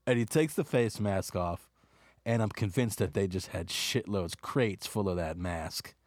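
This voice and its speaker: A man in a casual movie review chat, excitable and profane, rambling from point to point. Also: low voice, a little slow, no room sound, clean studio sound.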